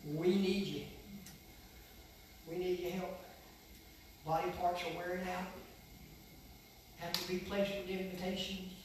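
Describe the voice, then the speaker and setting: A man's voice: high-pitched, little pitch movement, measured pace, pauses often, distant mic, background noise. Older male preacher, echoey church. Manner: folksy preaching, swings from soft to loud. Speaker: pastor. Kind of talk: sermon. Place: church sanctuary.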